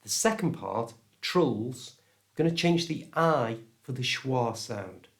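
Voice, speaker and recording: A man with a British English accent teaching pronunciation, speaking slowly and clearly so learners can repeat the words after him. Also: mid-range voice, lively intonation, fairly bright tone. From England. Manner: slow, clear and deliberate, modelling words for repetition. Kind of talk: pronunciation lesson to camera.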